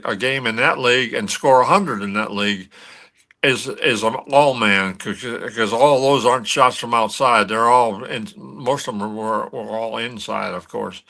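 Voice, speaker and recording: An older man, a former pro athlete, telling anecdotes as a guest on a sports talk show, animated and full of restarts. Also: medium pitch, normal speed, vocal fry.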